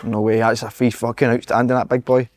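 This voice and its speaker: A man's voice: mid-range voice, level tone, brisk. A Scottish man co-hosting a casual football podcast, talking emphatically, swearing and repeating himself for stress. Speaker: podcast co-host.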